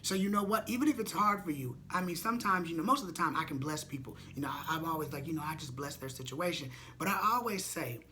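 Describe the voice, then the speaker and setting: A man's voice: on the high side, lively intonation, fast, few pauses, sharp tone, slight background noise. A man vlogging motivational advice to his viewers, chatty and candid, swearing casually and calling them y'all. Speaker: vlogger giving life advice. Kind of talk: casual motivational talk to camera.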